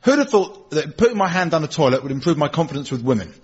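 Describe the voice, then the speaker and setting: An English man performing a scripted stand-up monologue with dry, deadpan storytelling on a radio comedy show. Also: a little high, quick pace, husky. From England. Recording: dull lo-fi radio recording.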